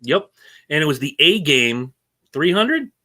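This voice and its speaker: A man talks racing on a casual podcast with a bright, forceful voice. He is opinionated and animated, ranting freely about the sport's rules. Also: fairly high pitch, measured pace. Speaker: co-host.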